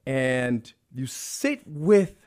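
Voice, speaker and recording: Calm, earnest man explaining martial arts. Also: mid-range voice, drawn-out words. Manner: earnest, explanatory, repeats phrases for emphasis. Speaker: jiu-jitsu instructor, guest. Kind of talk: conversational podcast interview.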